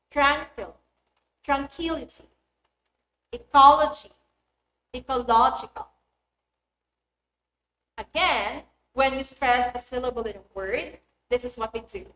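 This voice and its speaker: A woman teaches in an unhurried, deliberate way, sounding out example words one at a time with clear stress. Her voice sits high, and the recording carries a roomy echo. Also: a little hiss or hum. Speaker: English teacher. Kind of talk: recorded classroom lesson.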